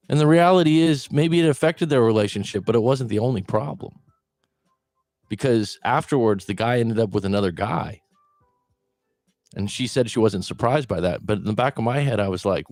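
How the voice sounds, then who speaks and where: A man with a lowish voice talks through breakup advice as a coach. He asks the listener questions in a conversational way. The sound is dry and close, with soft music underneath. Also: expressive, normal speed, no room sound. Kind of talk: direct-to-camera advice talk.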